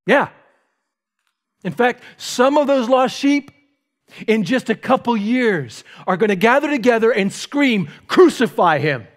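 A man preaching a sermon as pastor, speaking emphatically with dramatic pauses and rising intensity. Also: very high-pitched, lively intonation. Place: church sanctuary.

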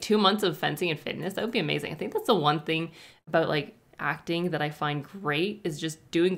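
A young woman hosting a movie reaction, chatting casually and reading trivia in a gushing, rambling way. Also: lowish voice.

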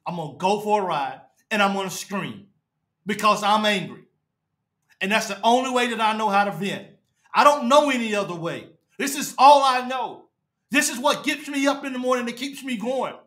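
A man hosting a fan podcast, ranting on a live stream in a distraught, halting way, repeating himself and trailing off low. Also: expressive, pushed and bright. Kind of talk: emotional live-stream rant. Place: his apartment.

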